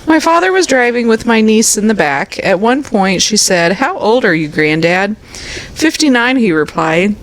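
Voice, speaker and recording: A woman's voice: mid-range voice, animated, normal speed, hardly any pauses, rough recording. A woman co-hosting a podcast, reading funny listener stories aloud and often laughing. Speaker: podcast co-host.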